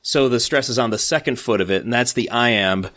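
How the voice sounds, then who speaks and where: Speaking fairly quickly in a mid-range, fairly bright voice, a male podcast co-host talks casually about music. The studio-quality recording is dry. He's eager and somewhat geeky, poking fun at himself and letting out little laughs.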